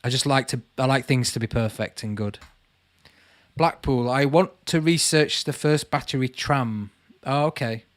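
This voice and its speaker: A man's voice: medium pitch, moderate pace, dry recording. A man hosting a casual livestream, reading out viewers' comments and chatting back to them. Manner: chatty, calls viewers mate, reads comments aloud. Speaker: channel host answering live chat.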